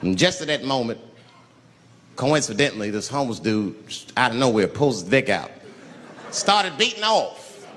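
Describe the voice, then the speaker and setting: A man doing stand-up, telling a profane story and acting out the characters with wild shouts. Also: mid-range voice, sing-song, moderate pace. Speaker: stand-up comedian. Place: comedy venue with live audience. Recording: live stand-up recording with crowd noise. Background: audience laughter.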